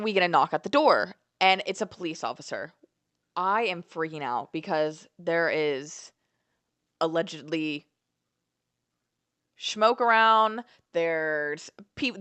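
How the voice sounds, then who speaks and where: Animated young woman telling a story. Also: lowish voice. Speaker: vlogger. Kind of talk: storytime vlog.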